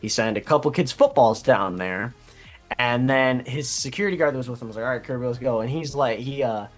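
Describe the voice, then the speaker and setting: Young man, casual podcast co-host, animated storyteller, faint music behind. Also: fairly quick. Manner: animated, laughing, imitating people in a high voice.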